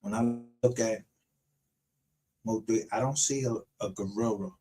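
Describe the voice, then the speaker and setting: A man's voice: fairly low pitch, fairly even intonation, a little slow, dark tone. A man hosting his own livestream show, ranting in a heated, profane and confrontational way. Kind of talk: unscripted livestream rant.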